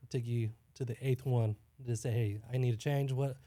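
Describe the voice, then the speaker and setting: A man's voice: mid-range voice, fairly even intonation, normal speed, dark tone, no echo. A man hosting a podcast, firing off blunt, joking questions in casual chat. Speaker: podcast host.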